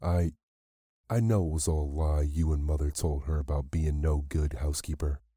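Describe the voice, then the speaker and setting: A man voicing a shamefaced, trembling village man who speaks in a halting, earnest way. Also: rumbling low, fairly even intonation, warm tone, slightly rough, no echo, clean studio sound.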